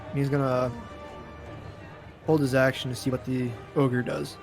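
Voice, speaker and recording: A man playing a tabletop game who describes his character's actions in an even, unhurried way. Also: medium pitch, over music. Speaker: player.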